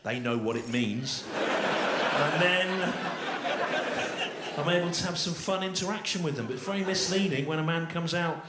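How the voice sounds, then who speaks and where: A male stand-up comedian with a fairly high voice works the crowd in a dry, repetitive, mock-exasperated way. He is recorded live on a big stage, with heavy echo and loud noise around him. Audience laughter rolls in behind him. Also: normal speed.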